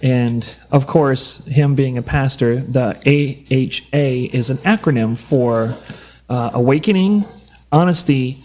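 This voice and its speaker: Chatty male co-host, mid-pitched voice. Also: slow, darkish tone, a little hiss or hum. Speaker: podcast co-host. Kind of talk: casual chat.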